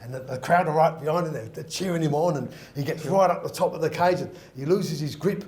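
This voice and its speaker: A man's voice: a little high, fast talker, darkish tone. A man, a guest comedian telling a joke in a casual, rambling way. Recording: echoey room.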